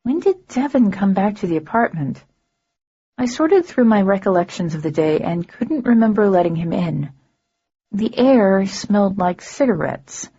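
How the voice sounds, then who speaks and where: A woman's voice: mid-range voice, expressive, moderate pace, mellow, husky, lo-fi sound. A woman narrating a fantasy audiobook in the first person, with a dry, sardonic delivery.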